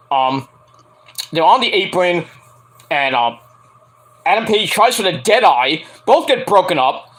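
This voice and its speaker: An animated man recaps a wrestling match in casual, profane talk. His voice sits high and bright. He keeps breaking into acted-out quotes between his ums. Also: poor audio. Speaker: wrestling reviewer.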